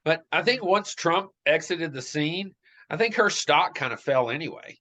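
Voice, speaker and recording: A man's voice: fairly high pitch, lively intonation, moderate pace, pushed and bright. A man co-hosting a podcast, chatting casually about politics and making bold predictions. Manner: opinionated, makes bold predictions. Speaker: podcast co-host.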